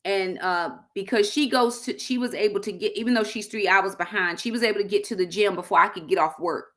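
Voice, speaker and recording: A woman's voice: mid-range voice, a little fast, a bit bright. A middle-aged woman chatting casually to viewers on a livestream, addressing them as y'all. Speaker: vlogger hosting a livestream.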